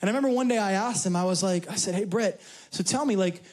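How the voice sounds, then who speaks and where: High-voiced man preaching a sermon. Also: quick pace. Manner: animated storyteller, rising high when excited. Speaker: pastor. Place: church.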